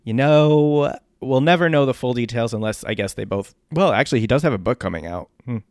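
A man's voice: mid-range voice, lively intonation, fast, no echo, studio quality. A man co-hosting a podcast, gossiping in a laid-back way and trailing off with fillers. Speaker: podcast co-host. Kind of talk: casual chat.

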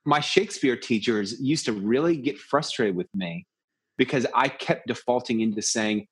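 A man's voice: medium pitch, moderate pace, slightly rough. A man in casual discussion, talking with animation and acting out lines with emphasis.

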